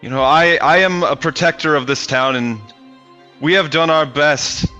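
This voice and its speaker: A man voicing an earnest paladin who explains himself haltingly, with many restarts, in a tabletop game. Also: on the high side, pushed and bright, clean tone, lo-fi sound, soft background music. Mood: pleading. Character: earnest male paladin, town protector.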